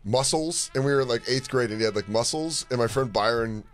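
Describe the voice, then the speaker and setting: A man who is a podcast guest, joking and telling stories in a playful, expressive way. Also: medium pitch. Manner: playful, expressive, quick to joke. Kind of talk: casual chat, storytelling.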